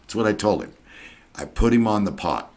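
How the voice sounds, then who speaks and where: Low-voiced rambling storyteller man. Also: lively intonation, moderate pace, darkish tone. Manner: folksy, storytelling, jumps between thoughts. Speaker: interviewer. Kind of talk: rambling casual interview.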